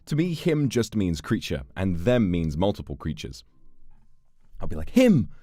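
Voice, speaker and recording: A man's voice: low voice, sing-song, moderate pace, mellow, no echo, clean studio sound, faint music behind. A man streaming a game, reading its text aloud and joking in casual commentary. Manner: playful, reads game text aloud and jokes.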